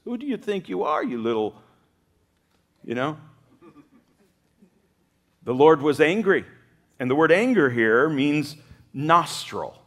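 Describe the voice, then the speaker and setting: Male pastor, animated preacher with a somewhat raised pitch, acts out quotes with humor. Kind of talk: sermon.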